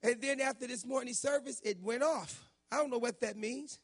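A middle-aged man preaching a sermon, telling personal stories in an animated way that climbs into shouts. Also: very high-pitched, moderate pace, creaky, breathy edge. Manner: animated storytelling, rising to shouts when quoting. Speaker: pastor.

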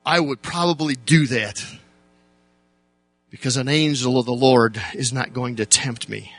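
Telling a sermon story as a pastor, a man drops to slow, soft words and then jumps to loud, shouted bursts. His pitch is medium, and the recording has no room sound.

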